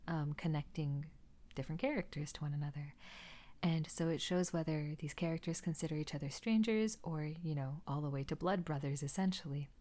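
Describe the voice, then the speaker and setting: A woman's voice: sits low, a little mellow. A woman hosting a casual solo podcast, rambling with enthusiasm and often dropping to a near-whisper. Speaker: podcast host.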